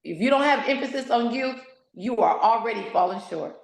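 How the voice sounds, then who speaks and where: A woman's voice: a little high, animated, a little fast, vocal fry, reverberant, rough recording. A woman author and speaker giving an interview, exhorting in an emphatic, sermon-like way. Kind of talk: candid interview, preacherly.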